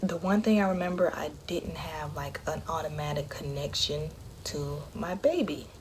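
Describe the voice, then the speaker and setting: Young woman vlogging, low voice, aave, candid and hushed a lot, faint room hum. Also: normal speed. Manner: candid, conversational, drops into a hush often. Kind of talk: personal storytelling to camera.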